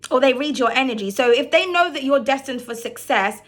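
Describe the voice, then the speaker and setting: A woman's voice: high voice, lively intonation, brisk. A young British woman, a tarot reader and channel host, ranting bluntly to camera in a casual monologue, swearing freely and filling her talk with asides.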